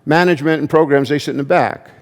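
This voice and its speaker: A man's voice: fairly high pitch, fast talker. A male pastor preaches with a slightly raised voice in a conversational way, stumbling into restarts and asides as he goes. His words ring out with a long reverb through a church hall. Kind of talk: sermon.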